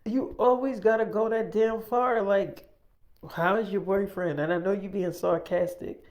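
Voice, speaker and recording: A man's voice: high voice, steady tone, a little slow, darkish tone, pitched above the performer's own voice. A man putting on a pushy young woman on the phone. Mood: bossy. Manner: exasperated, swearing, demanding. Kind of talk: improvised audio story role-play.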